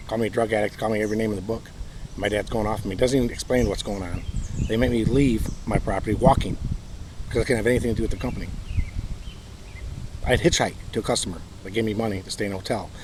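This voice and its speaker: A man's voice: lowish voice, darkish tone, low-quality recording. Michigan man, bitter personal monologue, emphatic, faint outdoor noise. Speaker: vlogger telling his own story.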